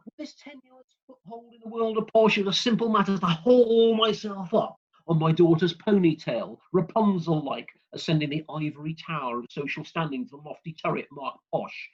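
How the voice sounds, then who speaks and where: A man giving a humorous prepared speech over a video call, in a dry, wry, deadpan way. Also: on the high side, breathy edge, dull audio. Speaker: club speaker.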